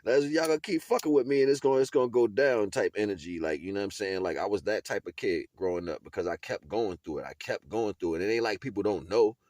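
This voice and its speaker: A man's voice: lowish voice, fast, few pauses, a little mellow, no echo, studio quality. A man giving a casual motivational monologue in street slang, laughing often and checking in with his listener as he talks. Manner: street slang, keeps asking "you know what I'm saying"; laughs often while talking. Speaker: video blogger.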